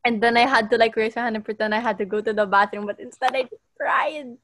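A woman's voice: fairly high pitch, quick pace, dry recording, studio quality. A young woman casually telling embarrassing school stories, acting out what people said. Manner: animated storyteller who acts out quotes. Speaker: podcast co-host. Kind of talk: casual chat.

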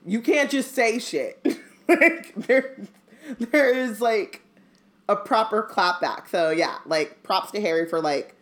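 Young female podcast co-host, casual chat, animated and slangy. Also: mid-range voice, takes it slowly. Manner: animated, slangy, laughs a lot.

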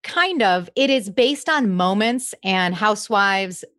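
A woman's voice: medium pitch, animated, slow pace, fairly bright tone, no room sound, clean studio sound. A woman comedian chatting as a guest, bubbly as she tells a story. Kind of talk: casual chat.

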